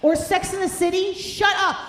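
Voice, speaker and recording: A woman's voice: very high-pitched, steady tone, normal speed, fairly bright tone. A woman, doing a brash, profane, ranting stand-up set while hungover. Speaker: stand-up comedian. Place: comedy club stage. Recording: roomy club sound, faint noise.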